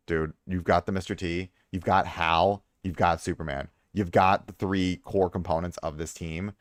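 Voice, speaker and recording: A man's voice: sits low, no echo, studio quality. A young adult man chatting casually on a live stream, reviewing viewers' game accounts and repeating himself for emphasis.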